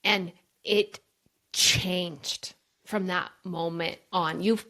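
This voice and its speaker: A woman's voice: lowish voice, fairly even intonation, drawn-out words, pushed and bright. A woman guest on a podcast interview, telling a personal story in an earnest, emphatic way. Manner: earnest, emphatic, addresses listeners as "you guys". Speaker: guest, brain coach.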